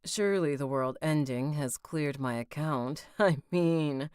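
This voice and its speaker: A woman's voice: low voice, unhurried, darkish tone, clean tone, dry recording, studio quality. A woman voicing a snobby, nervous young man who leans on his charm, in an audiobook reading.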